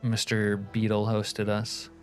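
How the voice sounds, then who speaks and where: A man's voice: lowish voice, monotone, slow pace, soft background music. A man streaming a game live, chatting casually with his viewers in a joking, profane way. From California. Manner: joking, profane banter with chat.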